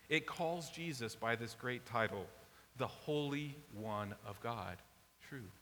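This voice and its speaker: A man's voice: medium pitch, pushed and bright. A man preaching a sermon in an emphatic, conversational way. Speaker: pastor. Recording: long reverb, faint hiss.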